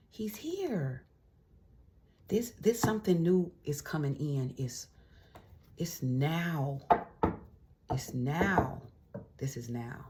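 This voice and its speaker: Very low-voiced excitable tarot reader woman. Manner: excitable, chatty, slips into hushed whispers. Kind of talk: excited casual tarot reading.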